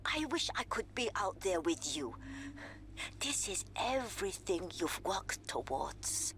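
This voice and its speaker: A woman's voice: lowish voice, very animated, takes it slowly, a bit bright, slight background noise, heavily acted. An actress playing a fond, motherly mother of a young racing driver, calling him love.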